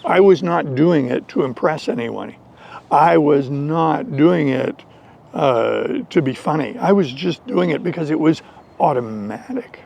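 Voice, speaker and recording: Slow gravelly American man teaching. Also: on the high side. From United States. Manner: slow, deliberate, animated storytelling. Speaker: English teacher. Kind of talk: storytelling lesson for learners.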